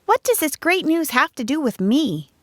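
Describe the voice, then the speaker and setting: A woman voicing an excitable young schoolteacher, asking eager exclamatory questions. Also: high-pitched, moderate pace, no echo, clean studio sound, pitched above the performer's own voice.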